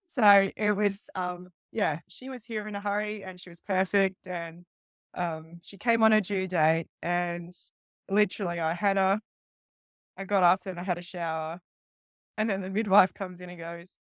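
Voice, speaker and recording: Her voice sits fairly low, and she talks a little slowly with long pauses; the studio recording is clean and echo-free. As a guest police detective in a casual conversation, she retells a story with energy, laughing while she imitates the voices of its characters.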